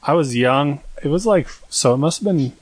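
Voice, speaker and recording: A man's voice: a little high, moderate pace, slightly rough, no echo. A young man co-hosting a podcast, telling a long story in a rambling, self-deprecating way. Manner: rambling, self-deprecating, acts out quoted voices. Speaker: podcast co-host. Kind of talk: casual storytelling chat.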